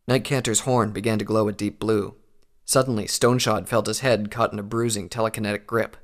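A man narrating a fantasy story in a steady, measured audiobook reading. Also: on the low side, vocal fry. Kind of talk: audiobook reading of fan fiction.

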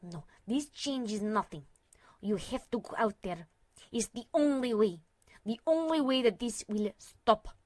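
A woman playing a firm, steady male pony healer. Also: a little high, measured pace, dry recording, clean studio sound. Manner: steady, insistent, at times whispering.

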